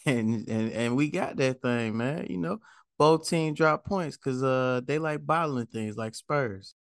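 A man co-hosting a casual sports podcast, talking in a relaxed, unhurried way. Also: medium pitch, no echo, clean studio sound. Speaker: podcast co-host. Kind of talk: casual chat.

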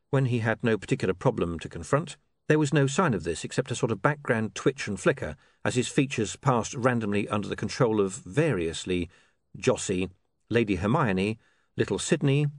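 A man reading an audiobook aloud, wry and lively, with a voice that rises and falls a great deal. The sound is close and dry, with no room around it. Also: lowish voice, normal speed, dry recording. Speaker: audiobook narrator. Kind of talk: scripted audiobook narration.

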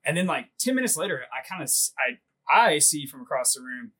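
A husky-voiced man in his thirties spins a crude, rambling story, pitched a bit higher than most men. He laughs often and fills every pause with "like" in loose podcast banter. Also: lively intonation, pushed and bright. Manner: rambling, laughs a lot, heavy "like" filler. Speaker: podcast co-host.

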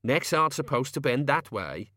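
A man's voice: medium pitch, sing-song, normal speed, bright, forceful tone, dry recording, studio quality, pitched above the performer's own voice. A man voicing a brooding male thug who speaks simply and plainly. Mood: uneasy. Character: moody adult male thug who sees in the dark.

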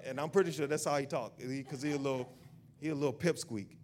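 A man's voice: mid-range voice, steady tone, fast talker, a little mellow. A male pastor preaching a sermon in a church. He repeats his point insistently and builds into a fervent prayer.

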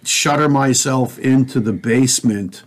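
A man's voice: medium pitch, unhurried. A man hosting a talk show, ranting in a fiery, preachy way and swearing as he speaks straight to his listeners. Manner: fiery, profane, preachy, addresses listeners directly. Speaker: podcast host. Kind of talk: heated conspiracy talk show rant.

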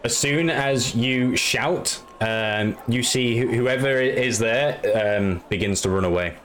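A man's voice: mid-range voice, takes it slowly, a bit bright, a faint crowd. A man narrating a tabletop game as game master, rambling with many fillers.

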